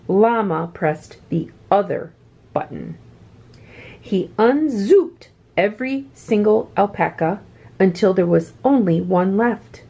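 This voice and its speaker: A woman reading a children's picture book aloud with expressive, swooping delivery. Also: on the low side, slow, creaky, husky. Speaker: children's story reader.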